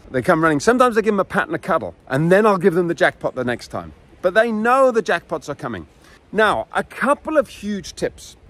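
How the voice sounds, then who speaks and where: A male dog trainer explaining his methods in an easygoing, chatty way. His voice sits a little high and swings widely up and down as he acts out dogs and owners. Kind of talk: casual instructional talk.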